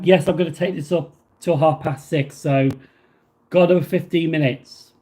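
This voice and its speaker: On a relaxed livestream, a host with a fairly high, warm voice reads out messages from viewers. His replies wander, packed with filler words and frequent restarts.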